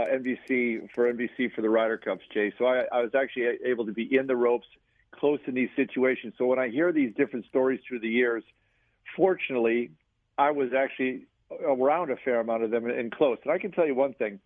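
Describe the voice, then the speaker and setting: A man co-hosting a radio golf show, chatting in a relaxed way, asking questions and sometimes searching for words, heard over a tinny phone line. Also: mid-range voice, no room sound. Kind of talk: casual radio show chat.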